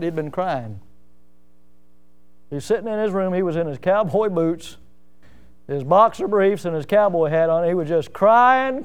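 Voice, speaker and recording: A man's voice: high voice, darkish tone, smooth. A male pastor preaching a sermon, telling stories and building to emphatic, rising passages.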